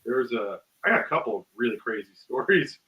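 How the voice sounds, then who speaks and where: A man's voice: mid-range voice, very animated, fairly quick, distant mic, muffled recording. A man telling a long story in casual chat, rambling with ums and uhs and acting out the voices of the people in it. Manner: rambling, full of ums and uhs, acts out quotes with laughs. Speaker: guest musician.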